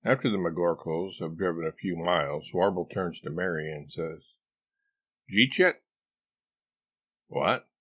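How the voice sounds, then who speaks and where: A man reading a comic novel aloud as narrator, in a deadpan storytelling manner. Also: low voice, moderate pace, hardly any pauses. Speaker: audiobook narrator.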